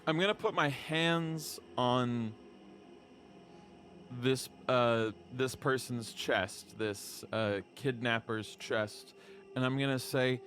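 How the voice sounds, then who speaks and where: A man's voice: slow, fairly bright tone, faint music behind. A young adult man playing a tabletop role-playing game, who talks playfully and theatrically.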